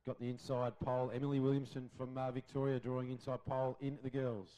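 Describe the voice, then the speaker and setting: A man's voice: mid-range voice, flat delivery, quick pace, warm tone, rough recording. A man giving chatty, friendly color commentary during a live race.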